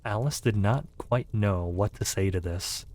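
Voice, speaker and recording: A man narrating a storybook in a calm, soft, ASMR-style reading. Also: fairly low pitch. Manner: calm, unhurried.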